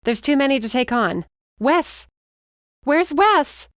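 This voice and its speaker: A woman voicing a hot-tempered young bounty hunter who talks sharp, loud and demanding. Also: medium pitch, expressive, a little slow, no room sound, clean studio sound, natural voice. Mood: angry.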